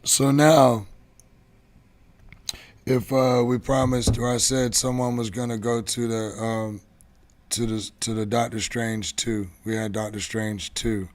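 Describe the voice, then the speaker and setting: A man's voice: mid-range voice, level tone, slow pace, slight background noise. A man hosting a casual livestream giveaway show, talking in a loose, rambling way and swearing offhandedly. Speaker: show host.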